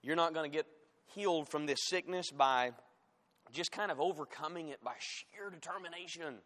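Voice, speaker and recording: A man preaching a sermon as pastor, rising loud on scripture and dropping to quiet, pointed asides. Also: a little high, moderate pace. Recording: long hall reverb.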